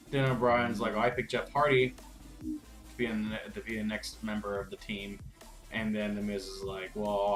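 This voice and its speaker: A man giving a casual, profane, rambling recap rant as a wrestling vlogger, with frustrated asides. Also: on the low side.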